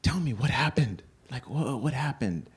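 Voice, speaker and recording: A man's voice: mid-range voice, lively intonation, normal speed, husky, pitched above the performer's own voice. A man on stage voicing his doting, anxious middle-aged mother, who keeps repeating her questions. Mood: worried. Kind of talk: live comedic storytelling.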